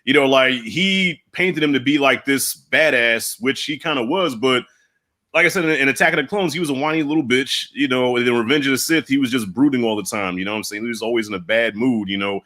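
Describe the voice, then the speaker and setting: Laid-back man with a bright voice. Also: mid-range voice, a little fast. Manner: laid-back, peppered with "you know". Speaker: host. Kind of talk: casual chat.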